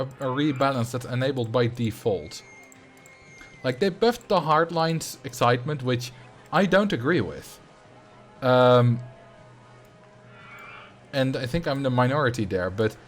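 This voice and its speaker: A man talks casually over a live game stream, rambling along and answering his chat as he plays. He speaks into a desk microphone. Soft game music plays quietly behind his voice. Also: medium pitch, animated, a little slow, long pauses. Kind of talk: casual live gameplay commentary. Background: faint game music.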